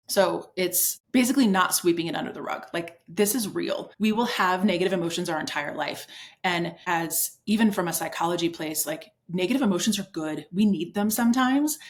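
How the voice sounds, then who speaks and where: A woman with a lowish voice explains things earnestly, like a sport psychologist being interviewed. She talks conversationally and slips into little acted-out quotes of parents and kids.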